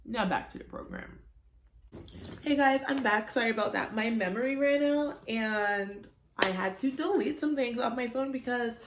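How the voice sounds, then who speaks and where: A woman's voice: a little high, normal speed, a little hiss or hum. Chatty young woman in an echoey room. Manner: candid, chatty, exasperated asides. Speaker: YouTuber. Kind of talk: casual vlog talk to camera. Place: at home. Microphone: phone camera.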